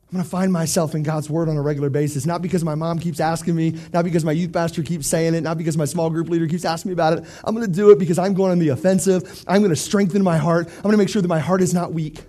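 A man giving an animated youth sermon, talking straight to teenagers and swinging from hushed to loud. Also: fairly high pitch, fast, hardly any pauses. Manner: addresses teens directly. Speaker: youth pastor.

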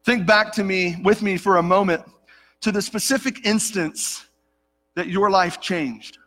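High bright-voiced middle-aged pastor preaching. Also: male voice, steady tone, a little slow. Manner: earnest storytelling, addresses the congregation as "church". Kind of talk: sermon. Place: church sanctuary. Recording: long reverb of a church hall.

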